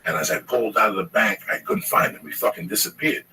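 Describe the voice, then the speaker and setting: A man's voice: fairly low pitch, fast talker, pushed and bright. A man telling a rambling, profane story in casual chat. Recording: distant mic with faint noise.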